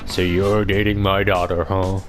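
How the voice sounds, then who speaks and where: A man voicing a gruff, overprotective middle-aged father who talks bluntly. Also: sits low, flat delivery, moderate pace, soft background music, pitched below the performer's own voice, lightly acted. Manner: blunt, grumbling.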